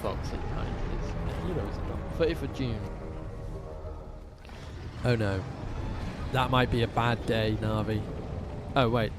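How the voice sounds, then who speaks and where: A man's voice: mid-range voice, unhurried, long pauses, over loud music. A man streaming a dinosaur game, chatting casually with viewers, reading out chat and swearing often.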